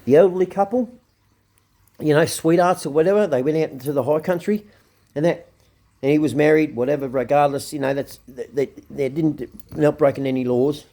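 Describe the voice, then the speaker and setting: With a slightly high, mellow voice, an Australian man fronts his own show. He swears a lot, talks bluntly, and keeps repeating himself in an angry, ranting commentary.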